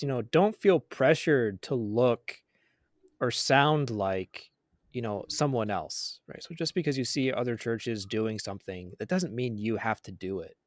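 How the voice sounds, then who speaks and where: A man, a pastor co-hosting a podcast, talking things over in a measured, reflective way. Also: mid-range voice, dry recording, studio quality. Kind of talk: casual chat.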